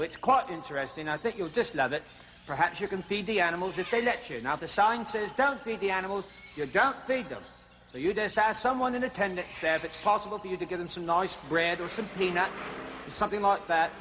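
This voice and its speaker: A chatty, folksy zoo host. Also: male voice, sits high, pushed and bright, a little hiss or hum, exaggerated voice. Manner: chatty, folksy, addresses viewers directly.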